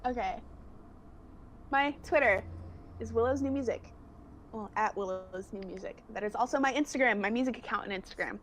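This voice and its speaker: A woman's voice: fairly high pitch, brisk, pauses often, slight background noise. A young woman, a singer guesting on a video call, chatting casually, giggling and saying "like" a lot. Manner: chatty and giggly, fills speech with "like". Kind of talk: casual chat.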